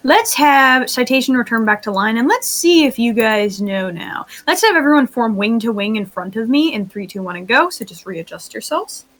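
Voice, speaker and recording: A woman with a somewhat high, slightly bright voice hosts a group roleplay training. She giggles and laughs often while giving instructions, breaking off into coughing fits now and then.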